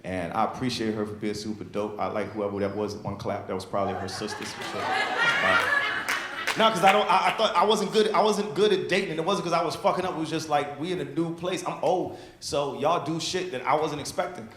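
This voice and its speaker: On a comedy club stage, a stand-up comedian in his thirties tears through profane stories with lots of energy and animation. His voice runs on the high side and a little fast. The club is echoey and the crowd noise is loud.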